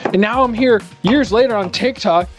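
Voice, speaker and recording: A man mimicking a smug young man who drawls through his own story in a slow, self-pitying tone. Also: sits high, over music, close to an everyday voice. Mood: mocking.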